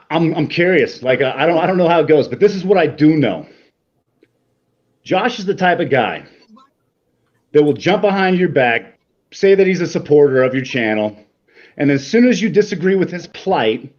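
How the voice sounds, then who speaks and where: Man, brash and profane stream guest, combative, slightly high voice, muffled call line. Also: a little mellow. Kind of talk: casual chat.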